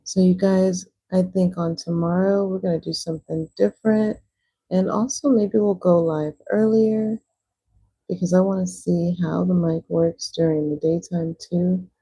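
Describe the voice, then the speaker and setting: A young woman chats her way through a live painting stream, talking loosely and filling her sentences with "like." Her voice sits low and dark, with a gravelly fry and a husky edge. It stays relaxed and conversational throughout. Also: unhurried, poor audio. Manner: chatty, rambling, many "like" fillers. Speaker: livestreamer. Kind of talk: casual chat while painting on a livestream.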